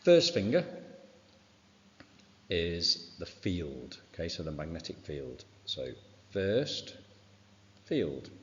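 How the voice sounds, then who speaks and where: Male science teacher, very low voice, muffled reverberant recording, casual revision walkthrough. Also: lively intonation, slow pace, a bit bright, a little hiss or hum. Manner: informal, fills with "right" and "okay". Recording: dull sound with long reverb.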